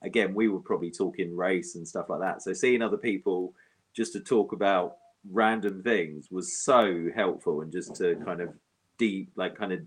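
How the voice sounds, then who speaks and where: Low husky guy chatting on a podcast, laid back and thoughtful. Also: moderate pace. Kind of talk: casual chat.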